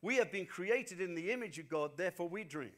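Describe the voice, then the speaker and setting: A man's voice: high-pitched, animated, a little fast. A man preaching a sermon, telling stories animatedly and repeating phrases for emphasis. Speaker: pastor.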